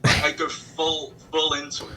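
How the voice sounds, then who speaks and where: A man's voice: fairly high pitch, unhurried, recorded from a distance, a crowd in the background, poor audio. English man telling a story over a video call. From England. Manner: animated, swears freely, mimics voices. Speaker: podcast guest. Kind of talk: casual storytelling.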